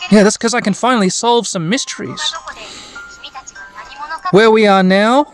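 A man's voice: high-pitched, measured pace, faint music behind, voice pushed up. A man voicing a studious boy computer whiz in a game, earnest and analytical. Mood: keen.

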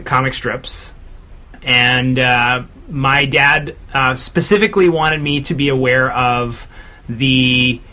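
Bright-voiced chatty man on a podcast. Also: mid-range voice. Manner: chatty, many "uh" pauses while recalling. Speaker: podcast co-host. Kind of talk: casual chat.

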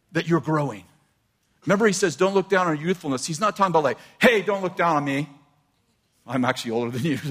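Animated older preaching man. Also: on the high side. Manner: animated, laughing often, quoting scripture. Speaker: pastor. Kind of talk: sermon.

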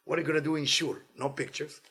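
A man giving a weekly inspirational Torah talk as a teacher, animated and playful, in non-native English phrasing. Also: a little high, fast, husky.

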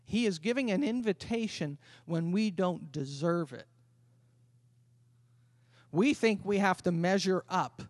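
A man preaching a sermon as pastor, swinging from loud emphatic calls to quiet conversational asides. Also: sits high, unhurried, pauses often, dry recording. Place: church sanctuary.

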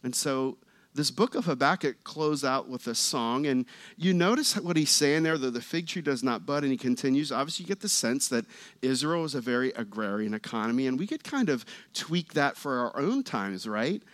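Guy preaching in church, chatty and animated, medium pitch, dry close sound. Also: moderate pace, no room sound. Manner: conversational, animated, rises for scripture readings. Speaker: pastor. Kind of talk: sermon.

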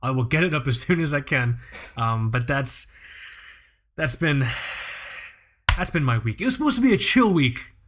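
A man's voice: mid-range voice, expressive, moderate pace, pauses often, fairly bright tone. A man co-hosting a podcast, ranting in a profane, exasperated way and laughing often. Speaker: podcast co-host. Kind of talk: casual podcast chat.

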